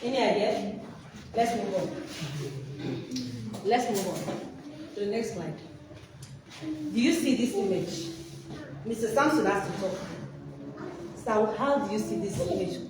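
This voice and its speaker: A woman's voice: medium pitch, expressive, measured pace, long pauses. A woman presenting a workshop, quizzing her listeners with prompts for them to finish. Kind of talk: interactive teaching talk. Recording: echoey hall, distant mic, background noise.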